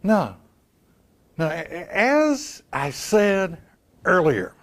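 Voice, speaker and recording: A man's voice: high-pitched, sing-song, extremely slow, long pauses, fairly bright tone. A man preaching a live sermon, emphatic, asking rhetorical questions and repeating key lines. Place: live church service.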